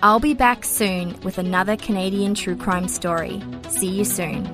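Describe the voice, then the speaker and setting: A woman hosting a true crime podcast, reading her scripted narration in a measured way. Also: medium pitch, music in the background.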